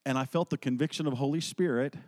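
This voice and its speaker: A man's voice: mid-range voice, fast, a little mellow, long reverb tail. A man preaching an earnest, emphatic sermon, weaving in personal stories.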